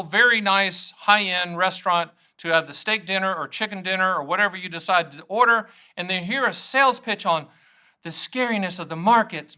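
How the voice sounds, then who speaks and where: Middle-aged guy talking to camera about annuities, bright voice, jokey and rambly. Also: sits high, clean tone. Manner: energetic, joking, digressive. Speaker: annuity agent. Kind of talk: casual direct-to-camera talk.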